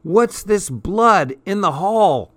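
A man's voice: fairly high pitch, expressive, a little slow, no echo, voice pushed up. A man voicing a bossy, mocking teenage girl in a storybook reading. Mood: shrill demanding.

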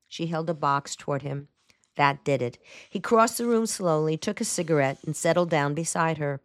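A woman reads a novel aloud for an audiobook, her low voice measured and even as she tells the story from a script. Clean studio sound with no room sound.

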